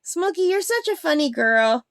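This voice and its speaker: A woman talks to her pet in playful baby talk, her voice high and sweet. The sound is dry and close, recorded in a bedroom with almost no room echo. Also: very animated, moderate pace. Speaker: craft vlogger, pet owner. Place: upstairs bedroom.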